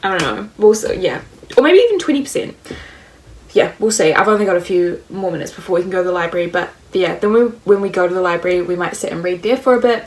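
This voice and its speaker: A woman's voice: on the low side, husky. Chatty young New Zealand woman. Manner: chatty, lots of "like" fillers. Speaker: book vlogger. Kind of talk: casual chat.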